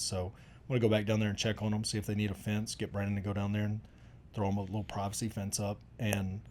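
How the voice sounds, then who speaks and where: A man's voice: fairly low pitch, monotone, fast, a little mellow, a little hiss or hum. A middle-aged man, chatting casually and telling rambling, folksy stories with lots of restarts. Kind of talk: casual conversation.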